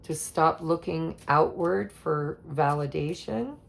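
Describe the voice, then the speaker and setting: A woman doing a casual tarot reading, slow and relaxed, with soft laughs and trailing pauses. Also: low voice, gravelly. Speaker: tarot reader.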